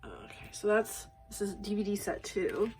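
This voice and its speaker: A woman films a casual unboxing vlog of photocards, gushing and rambling, emotional and shaky, often apologizing. Her mid-range voice is sing-song and a little mellow at normal speed, and the poor audio carries slight background noise.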